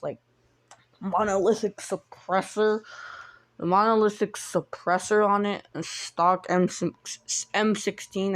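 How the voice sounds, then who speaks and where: A woman casually retelling a fan story, rambling and stumbling over her words with lots of restarts and some offhand swearing. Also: on the low side.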